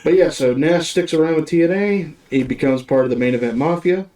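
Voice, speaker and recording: A mellow-voiced man co-hosts a podcast in laid-back, casual chat and swears freely. His voice sounds roomy and sits some distance from the microphone. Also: fairly high pitch, a little fast. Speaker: podcast co-host. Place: studio.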